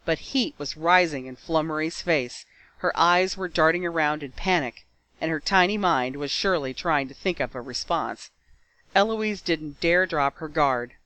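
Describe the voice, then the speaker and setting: A man narrating a fan fiction story aloud with steady, expressive storytelling. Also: on the high side, rough recording. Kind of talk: fan fiction audiobook reading.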